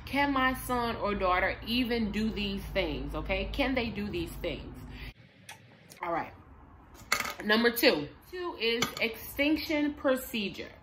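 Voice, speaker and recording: A woman's voice: medium pitch, animated, slow pace, noisy background. Emphatic woman coaching moms. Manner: emphatic, speaks straight to moms. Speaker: parenting coach and behavior analyst. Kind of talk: instructional parenting vlog.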